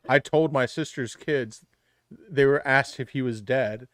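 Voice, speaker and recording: A man's voice: mid-range voice, takes it slowly, a bit bright, no echo. A man co-hosting a live stream, telling joking stories in casual banter, swearing freely and laughing often. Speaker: podcast co-host.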